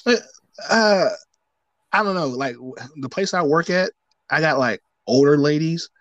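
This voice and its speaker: A man's voice: a little high, expressive, unhurried, fairly bright tone, no room sound. Male co-host, playful storyteller, casual chat, dry room. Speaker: podcast co-host.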